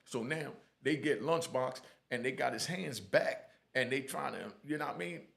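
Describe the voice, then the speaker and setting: A middle-aged man telling his own prison stories in blunt, lively street talk, often asking "you know what I mean". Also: mid-range voice, normal speed, creaky. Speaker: storyteller sharing prison stories. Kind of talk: casual storytelling.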